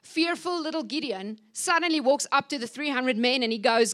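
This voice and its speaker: A woman's voice: high voice, lively intonation, moderate pace, few pauses. A woman preaching a sermon in a church service, fervent and exhorting, acting out scripture quotes with a raised voice.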